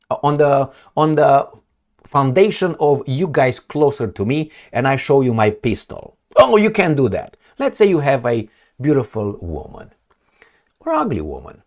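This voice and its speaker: A male commentator speaking off the cuff in a lively, animated way, with his pitch swinging widely. He peppers his points with rhetorical questions and sarcasm. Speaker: political commentator. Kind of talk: casual opinion commentary.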